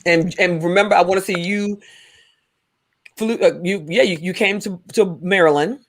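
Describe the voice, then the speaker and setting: A woman hosting a casual talk show, telling a story with lively restarts. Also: on the low side, moderate pace. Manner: animated storytelling, many restarts. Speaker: podcast host. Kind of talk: casual chat.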